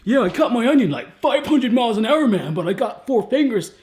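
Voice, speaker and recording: A man playing a boastful young cook who brags about chopping fast, brash and swaggering. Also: extremely high pitch, sing-song, darkish tone, voice pushed up. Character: boastful young male cook, careless with knives.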